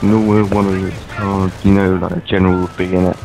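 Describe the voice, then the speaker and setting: Game battle sounds and gunfire roar behind a man doing a hesitant, comedic in-character monologue full of ums and false starts. His low voice moves little in pitch and runs a little fast, and the audio quality is poor.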